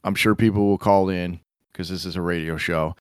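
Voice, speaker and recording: A man's voice: low-pitched, fairly even intonation, brisk, clean tone, dry recording, clean studio sound. A man co-hosting a film podcast in casual chat, laughing often and poking fun at himself while he reads from a screenplay. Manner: chuckling, self-deprecating, reads script aloud. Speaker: podcast co-host.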